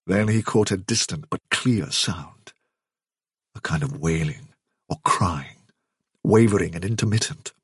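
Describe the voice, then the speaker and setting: Husky man in hushed storytelling. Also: low voice, unhurried, pauses often, no echo, studio quality. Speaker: audiobook narrator. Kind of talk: scripted narration.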